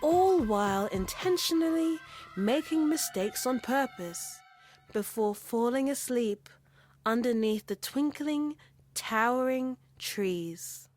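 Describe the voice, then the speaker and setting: Unhurried woman reading a storybook. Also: a little high, soft background music. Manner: expressive, unhurried. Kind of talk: storybook narration.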